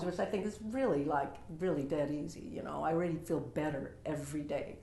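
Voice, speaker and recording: Low-voiced woman rambling in a roomy home. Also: brisk, gravelly, hardly any pauses, dark tone. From Utah. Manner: rambling, heartfelt, with many fillers. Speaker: vlogger sharing a personal story. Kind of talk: casual personal monologue. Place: her home. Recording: roomy echo.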